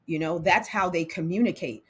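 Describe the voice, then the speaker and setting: A woman hosting her own show, talking candidly and with feeling, laughing often and slowing down to hit her emphatic points. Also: fairly low pitch, husky. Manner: candid and animated, laughs often, slows down to punch emphatic lines. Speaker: host. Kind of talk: casual talk to camera.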